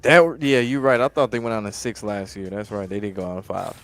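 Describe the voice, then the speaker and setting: A man's voice: on the low side, steady tone, a little fast, faint music behind. A man hosting a podcast, talking sports in casual, slangy, profane chat. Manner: profane, laid-back, slangy. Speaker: podcast host.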